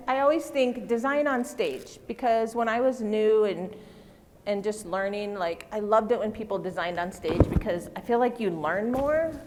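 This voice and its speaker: A middle-aged woman giving a live floral design demonstration on stage, chatty and self-deprecating, joking with her audience. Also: medium pitch. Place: stage in a large convention hall. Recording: long hall reverb.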